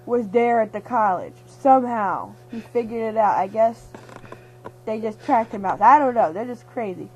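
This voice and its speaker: A woman's voice: fairly high pitch, moderate pace, a little mellow, slight background noise, rough recording. A young woman, half-asleep and giddy, rambling through a silly retelling of a movie, giggling and acting out the characters' lines. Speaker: storyteller.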